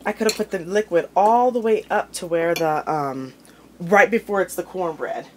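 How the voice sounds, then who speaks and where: At a moderate pace, a woman with a lowish voice presents a home cooking video, chatting casually while she opens jars and plates food in her kitchen. Background noise is present.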